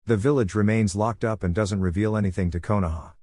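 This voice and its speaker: A man reads fan fiction aloud in a steady, plain way. His voice sits on the low side. The recording is dry and close, with no room around it. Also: fast talker, no echo. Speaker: narrator.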